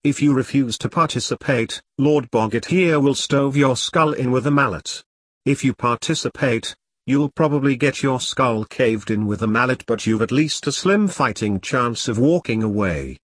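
A man doing a smarmy, posh lord who chirps his cruel remarks with breezy cheer. He is drawn from a dark comic storybook, recorded close and dry. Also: mid-range voice, normal speed, slightly rough, dry recording, natural voice. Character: smarmy upper-class English lord, cheerfully callous.

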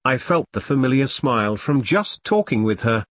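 A man narrating a first-person story as an audiobook reader, telling it in an expressive, storytelling way. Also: mid-range voice, moderate pace, dry recording, clean studio sound.

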